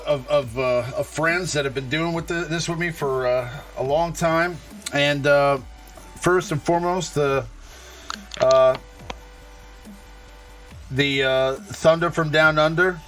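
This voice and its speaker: Man, live-stream host, fairly high voice, halting with fillers and restarts, faint music behind. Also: a bit bright. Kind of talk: casual live-stream chat.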